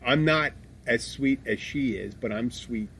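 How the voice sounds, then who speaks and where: Blunt Philadelphia-born podcast host, swears easily, rambles with restarts, mid-pitched voice, faint background noise. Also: male voice, unhurried, gravelly, bright, forceful tone. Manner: blunt, swears freely, self-described abrasive. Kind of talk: casual podcast chat.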